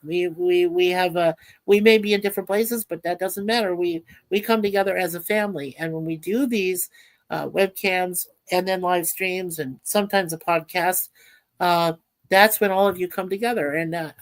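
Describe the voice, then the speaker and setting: A woman hosting a casual livestream, speaking earnestly and warmly to her viewers and reading out their comments. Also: fairly low pitch, fairly even intonation, normal speed. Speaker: livestream host.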